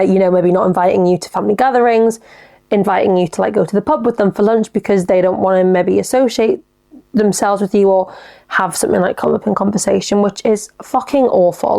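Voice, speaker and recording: Young woman, casual podcast chat, frank, animated, gravelly fry. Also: medium pitch, fairly quick. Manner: chatty, frank, sweary, animated. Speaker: podcast host. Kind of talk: casual solo podcast chat, reading listener dilemmas.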